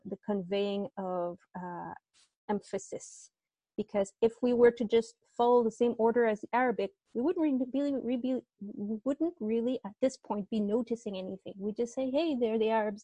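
A woman's voice: fairly high pitch, mellow, no echo. Woman teaching an online Arabic grammar class. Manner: patient, explains step by step, asks students questions. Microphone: earbuds.

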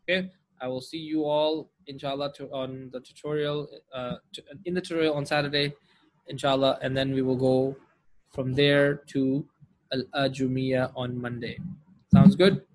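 A man's voice: mid-range voice, little pitch movement, moderate pace, darkish tone. A man teaching Arabic grammar in an online class, explaining patiently, asking the class rhetorical questions and reciting Quranic verses fluently between his English explanations. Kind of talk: online lesson with shared screen.

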